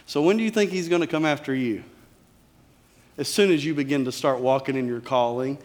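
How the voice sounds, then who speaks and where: A male pastor preaching a sermon in an emphatic, conversational way, dropping to quiet lows. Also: fairly quick.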